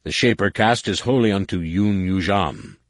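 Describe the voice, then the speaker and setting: A man voicing a stern, menacing alien male war master with a rasping, growling delivery. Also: low voice, animated, normal speed, dry recording, studio quality, pitched above the performer's own voice. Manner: curt, threatening.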